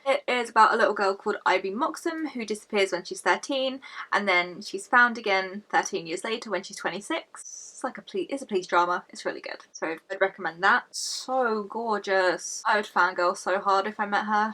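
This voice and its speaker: A woman's voice: medium pitch, sharp tone. A young Scottish woman vlogging from home, chatting casually with swearing and self-mocking laughs. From Scotland. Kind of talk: casual chat to camera. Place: at home during lockdown.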